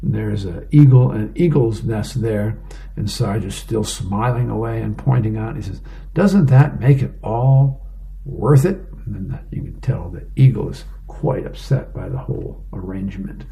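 A man, reading the newspaper and comics aloud as a volunteer on a radio reading service, plain and unhurried with small asides. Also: lowish voice, creaky, warm tone.

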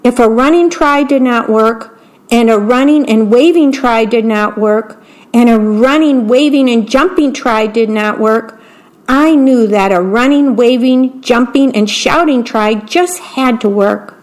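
A patient, cheerful male frog from a children's storybook, read aloud by a woman. He talks slowly and steadily, with a lightly raised pitch. It is gentle bedtime story reading for radio. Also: close to an everyday voice. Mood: encouraging.

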